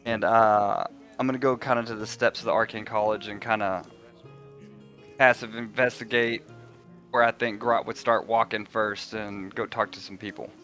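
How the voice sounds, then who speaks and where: A man playing a tabletop role-playing game, talking hesitantly with lots of pauses and "uh"s. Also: on the low side, steady tone, fairly bright tone, soft background music. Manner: hesitant, full of "uh"s. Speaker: player. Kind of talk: casual tabletop game play.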